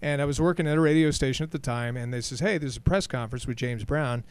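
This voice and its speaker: A man co-hosting a casual chat, telling stories in an animated way and acting out his own starstruck reactions. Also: mid-range voice, fast talker, smooth. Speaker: radio show co-host.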